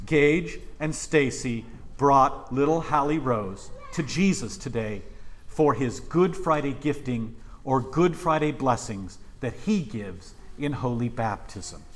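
A man's voice: a little high, a bit bright. A male pastor preaching a sermon in church, emphatic and full of rhetorical questions.

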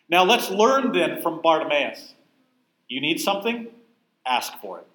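A man's voice: fairly high pitch, animated, moderate pace, a bit bright, roomy sound, rough recording. A man teaching a Bible class in a conversational, emphatic way, often putting questions to his listeners. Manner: emphatic, asks the room questions.

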